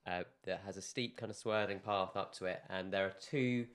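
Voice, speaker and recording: A man with a low voice runs a tabletop game as game master. He describes the scene in a relaxed, easygoing way and calls for dice rolls. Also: moderate pace, clean tone.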